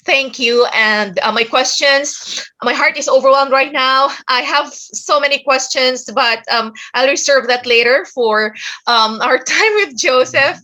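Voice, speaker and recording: A tearful woman caller with a rather high, bright voice. She speaks very slowly and haltingly, with frequent "um"s. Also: low-quality recording. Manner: halting, full of "um". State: teary and emotional.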